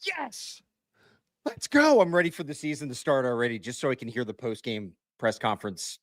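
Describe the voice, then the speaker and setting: A man co-hosting a live stream, telling stories in a relaxed way and asking easygoing questions. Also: mid-range voice, fast talker, no room sound, clean studio sound. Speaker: co-host. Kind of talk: casual chat on a live stream.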